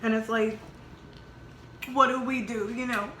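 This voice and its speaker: A woman co-hosting a casual mukbang vlog, talking openly and emotionally in halting restarts. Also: on the high side, fairly even intonation, sharp tone, slight background noise. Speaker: vlog co-host. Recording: echoey room.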